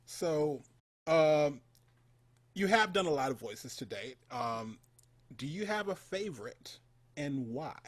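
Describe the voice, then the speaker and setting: A man's voice: a little high, expressive, slow pace, long pauses. A man interviewing a guest, an enthusiastic fan who chuckles often. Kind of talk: online interview.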